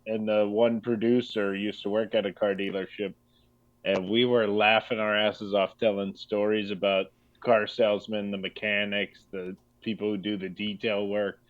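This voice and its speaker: A man's voice: lowish voice, flat delivery, normal speed, no room sound, narrow, tinny audio. A middle-aged man co-hosting a casual comedy chat, explaining his projects in an easygoing way. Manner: easygoing storyteller, explaining at length. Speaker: comedy writer and producer co-host.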